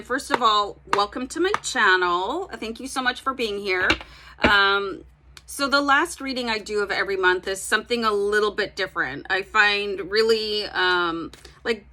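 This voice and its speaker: A woman's voice: mid-range voice, sharp tone, a little hiss or hum. A woman giving a casual tarot reading, chatting directly to her viewers with plenty of fillers. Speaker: tarot reader.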